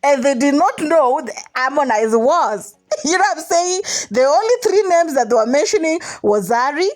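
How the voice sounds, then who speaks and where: Female vlog host with a slightly high, animated voice, playful and chatty. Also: normal speed. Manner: playful, calls listeners honey, laughs often. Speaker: reaction vlogger and translator. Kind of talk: chatty commentary.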